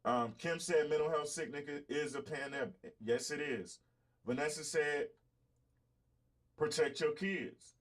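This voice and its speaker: Man, high-pitched, podcast host, heated, profane. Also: moderate pace. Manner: heated, profane, talks to chat directly. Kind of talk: livestream commentary.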